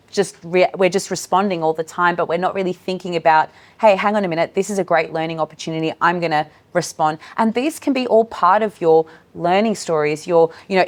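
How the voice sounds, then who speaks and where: A woman presenting a live training workshop for educators, speaking in an encouraging way to people in the room and online. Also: on the low side. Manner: warm, encouraging, addresses room and online audience. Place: meeting room with in-person and online attendees.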